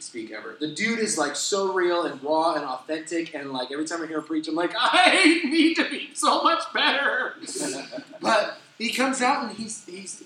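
A middle-aged man preaching a sermon as a pastor, telling stories with animated, self-deprecating humor. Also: a little high, slight background noise. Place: church sanctuary. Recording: echoey church hall.

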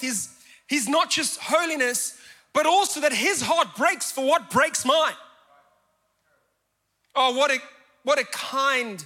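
A man preaching a sermon as a pastor, swinging between fervent shouts and hushed, confessional speech. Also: very high-pitched. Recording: church hall with long reverb.

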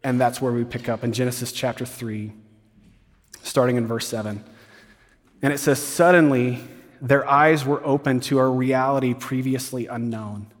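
Male campus pastor, casual sermon delivery with asides, average pitch, long reverb. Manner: conversational, animated retelling with quick asides.

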